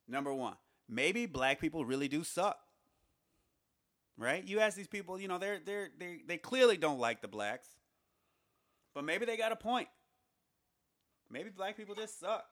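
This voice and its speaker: A man giving a casual spoken monologue, reasoning aloud with rhetorical questions and halting restarts. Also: fairly high pitch, a bit bright, dry recording, studio quality. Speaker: commentator on society.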